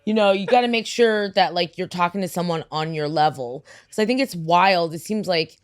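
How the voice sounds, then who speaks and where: A woman's voice: lowish voice, moderate pace. A woman in her forties chatting casually as a podcast co-host, blunt and wry. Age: 40s. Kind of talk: casual chat.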